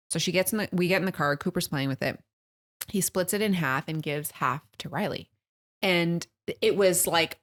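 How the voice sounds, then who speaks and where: A woman in her thirties with a notably low voice talks casually on a podcast. She tells stories with animated energy and slips into quick impressions of the people she quotes. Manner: animated storytelling, acts out her kids' and her own quotes. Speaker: podcast co-host. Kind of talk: casual chat.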